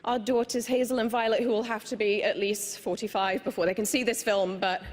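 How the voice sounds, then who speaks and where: A woman's voice: on the high side, steady tone, brisk, big-room sound, slight background noise. A woman from Britain in her thirties, talking animatedly as an interview guest in a gushing, laughing way. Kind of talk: casual chat and speech.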